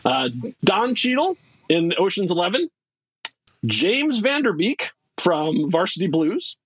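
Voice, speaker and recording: A man's voice: high voice, big pitch swings, slow pace, a bit bright, breathy edge, muffled recording. A man co-hosting a casual movie podcast, chatting loosely, laughing often and restarting sentences as he runs a game. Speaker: podcast co-host running a game.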